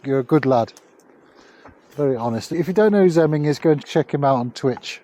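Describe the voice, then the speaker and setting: A man's voice: a little high, lively intonation, a little fast, dark tone. A man vlogging casually outdoors on a cycling trip, chatty and jokey, swearing freely, recorded on a handheld camera. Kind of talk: casual travel vlog.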